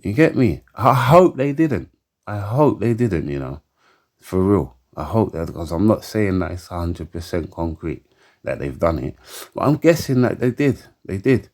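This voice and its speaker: A man's voice: sits low, animated, moderate pace, a little mellow. A man ranting heatedly to camera, stammering, repeating words and asking again and again whether you get him. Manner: heated and emphatic, keeps asking for agreement. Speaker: commentator. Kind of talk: opinion rant to camera.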